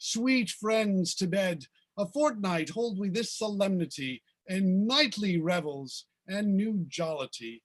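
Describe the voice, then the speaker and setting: A stately ruler and fairy king, read by a man over a video call. He declaims the verse with a high-pitched voice. The delivery is measured and commanding. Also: animated, heavily acted. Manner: declaiming verse, then chatty thanks. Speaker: organizer of the reading and actor.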